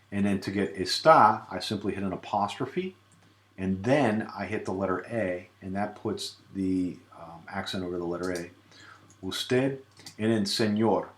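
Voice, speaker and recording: Man, very low voice, software tutorial, relaxed, hesitant fillers, echoey room. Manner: relaxed, many filler sounds. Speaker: tutorial presenter. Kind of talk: screen-recorded software tutorial.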